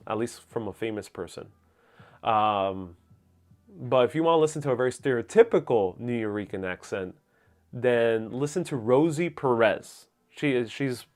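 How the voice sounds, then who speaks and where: A young man with a Nuyorican accent from Queens, answering viewer questions in a relaxed, rambling way with plenty of fillers. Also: medium pitch. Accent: New York Puerto Rican, Queens. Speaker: host. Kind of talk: casual livestream Q&A.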